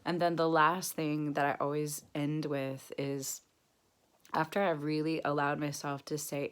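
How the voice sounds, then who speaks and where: A young woman vlogging casually, talking gently and reflectively, with a cough now and then, and softening to a near-whisper when she guides an exercise. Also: sits low, flat delivery, a little slow, clean tone. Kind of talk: casual self-help vlog. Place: Berlin.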